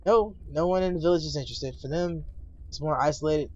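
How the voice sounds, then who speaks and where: A man voicing a weary, guarded, blind old lighthouse keeper who tells his story in a halting, solemn way, recorded on dull lo-fi stream audio. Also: on the high side, natural voice.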